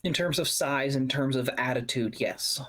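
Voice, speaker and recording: A game master narrating a tabletop game, setting scenes with slow, descriptive phrasing and pauses. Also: mid-range voice, fairly bright tone.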